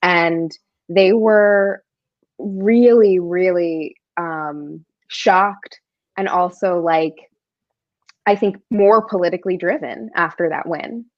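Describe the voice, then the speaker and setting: A woman's voice: lowish voice, slow pace, no room sound. A woman co-hosting a political talk show, chatting loosely with many fillers. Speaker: co-host. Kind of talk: casual political chat. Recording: dull lo-fi dry audio.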